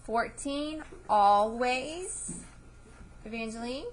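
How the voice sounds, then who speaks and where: A woman teaching a classroom spelling lesson, patiently repeating each word and letter sound clearly for her students. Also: on the high side, animated, drawn-out words, slight background noise. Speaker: elementary school teacher.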